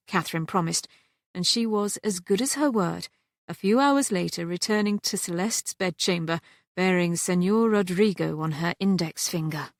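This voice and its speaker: A woman's voice: fairly low pitch, normal speed, no room sound, studio quality. Woman narrating a romance audiobook. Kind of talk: scripted narration.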